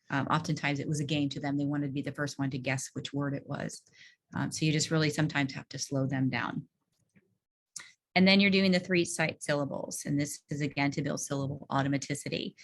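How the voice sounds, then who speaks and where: A woman speaks in a low register as she leads a virtual training session for teachers. She sets out each step of a reading routine and acts out the prompts she uses with students. Her voice comes through a video call microphone. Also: a bit bright. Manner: explains step by step, models classroom prompts. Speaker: teacher trainer leading a workshop. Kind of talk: online teacher training presentation.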